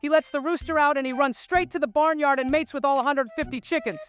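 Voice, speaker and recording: High-pitched woman telling dirty jokes, laughs at her own punchlines, faint music behind. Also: quick pace. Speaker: joke teller.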